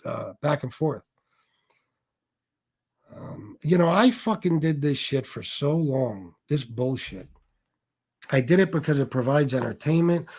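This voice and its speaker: Male livestream host, somewhat high voice, blunt and profane, rambling restarts. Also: darkish tone. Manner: blunt, profane, repeats himself, restarts sentences. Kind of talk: casual livestream rant.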